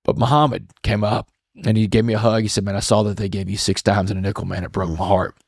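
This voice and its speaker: A man being interviewed as a podcast guest, telling a personal story in an earnest, reflective way with halting restarts. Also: on the low side, flat delivery, creaky, breathy edge, dry recording, studio quality. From Texas.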